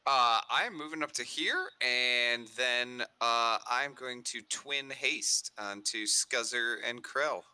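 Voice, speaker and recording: Very bright, crisp-voiced man at the table. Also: medium pitch, slow, hardly any pauses, dry recording. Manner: hesitant, announcing his moves. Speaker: player. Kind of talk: casual game chat.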